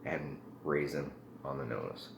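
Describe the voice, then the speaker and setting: A very deep-voiced man talks through a beer review in a loose, rambling vlog manner, filling pauses with ums and uhs. The room sounds echoey, with a faint hum of ambient noise behind him. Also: gravelly.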